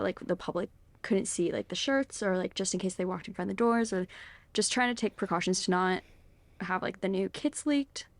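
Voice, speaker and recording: A young woman co-hosting a podcast, rambling cheerfully through her stories with constant fillers and frequent laughter. Her voice sits at a middle pitch. It is recorded close and dry, with no room sound. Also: dry recording. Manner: chatty storyteller, laughs often, heavy "like" filler. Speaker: podcast co-host. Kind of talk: casual chat.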